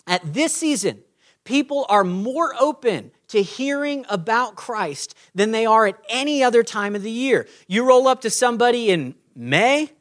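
Animated, high-voiced male preacher. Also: normal speed. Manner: animated, conversational preaching with acted-out quotes. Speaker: pastor. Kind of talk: sermon.

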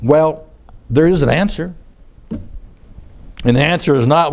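A man's voice: a little high, takes it slowly, creaky, darkish tone. A man preaching a sermon in front of a congregation, talking in a conversational way and often repeating his phrases.

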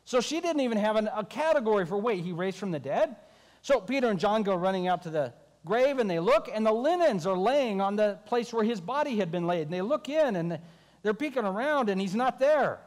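A man's voice: sits high, animated, fairly quick, a little mellow, in a large hall. A man preaching a sermon as a pastor, telling the story with wry asides.

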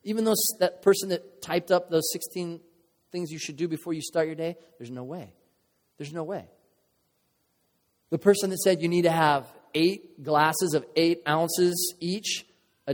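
A man's voice: high-pitched, darkish tone. A man preaching a sermon as a pastor, earnest and conversational, with emotional moments and playful asides. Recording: long reverb of a large hall.

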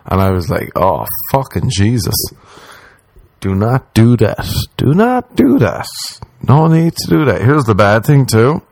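A young Irish comedian with a low-leaning, animated, slightly mellow voice hosts a podcast, speaking without hurry. He tells a story as a casual monologue, rambling, profane, and self-deprecating.

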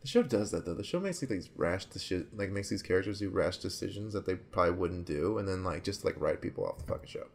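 A young man co-hosting a podcast, chatting casually about a TV show, animated and swearing freely. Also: low voice, quick pace, few pauses, a little hiss or hum. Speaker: podcast co-host. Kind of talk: casual chat.

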